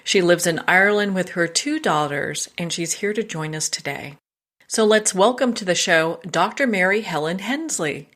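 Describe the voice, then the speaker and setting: A woman host with a slightly low voice and a bright, forceful tone. She introduces her guest and asks questions with gushing enthusiasm. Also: moderate pace. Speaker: interview host. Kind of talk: casual interview chat.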